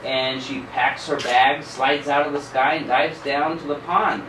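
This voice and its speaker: A man reading a picture book aloud to children at a school event, pausing to show the pictures. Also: mid-range voice, fairly even intonation. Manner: pauses to show the pictures, checks in with okay. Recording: echoey room, distant mic, background noise.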